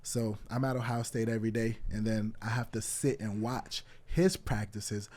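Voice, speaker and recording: A man's voice: on the low side, fairly even intonation, moderate pace, a little mellow. A young man in his twenties, a wrestling coach telling stories in a casual interview, acting out quoted dialogue with lots of "like" fillers.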